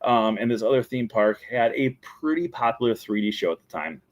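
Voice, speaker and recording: A man's voice: mid-range voice, expressive, fairly quick. A man hosting a daily show, talking casually and enthusiastically as he walks through scenes and quotes the characters' lines. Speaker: show host. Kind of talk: casual solo talk.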